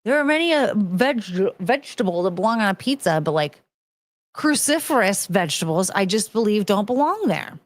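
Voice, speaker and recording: Brief: thirties woman host, blunt, swears casually, animated delivery, dry voice. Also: medium pitch, moderate pace, no room sound. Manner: blunt, profane, animated, mocking voices in quotes. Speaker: streamer host reading chat. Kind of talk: casual chat.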